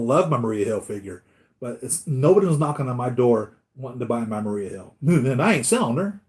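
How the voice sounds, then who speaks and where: A man in casual conversation on his own live stream, speaking at an ordinary middle pitch. He rambles from story to story and now and then acts out the voices of the people in them. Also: a little mellow. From United States. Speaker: collectibles channel host.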